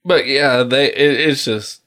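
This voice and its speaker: A man's voice: mid-range voice, a little slow. A man co-hosting a podcast in casual, profane chat, telling stories and acting out people's lines. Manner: profane, animated, acts out stories in voices. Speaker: podcast co-host.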